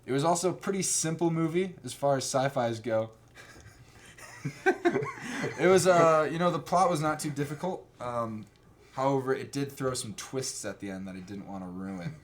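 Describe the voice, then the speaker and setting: A man's voice: mid-range voice, moderate pace, slight background noise. A young man chatting casually and jokingly about films, acting out scenes and laughing. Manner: jokey, acts out scenes in mock voices, laughs a lot. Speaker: co-host. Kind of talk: casual comedic movie chat.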